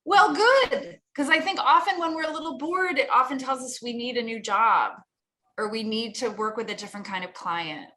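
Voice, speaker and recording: A lively woman coach chatting over a video call, with a clear, bright tone. She talks casually and keeps jumping into acted-out inner voices, swinging her pitch high and low to play them. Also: moderate pace. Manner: animated, acts out inner voices with big pitch jumps. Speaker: speaking coach, guest.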